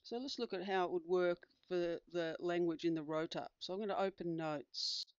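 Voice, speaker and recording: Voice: medium pitch, moderate pace, clear, resonant tone, no echo. Tutorial voice-over: patient instructor walking through settings, dry slightly muffled desk recording. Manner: calm step-by-step explaining with fillers. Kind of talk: screen-recorded tutorial demonstration.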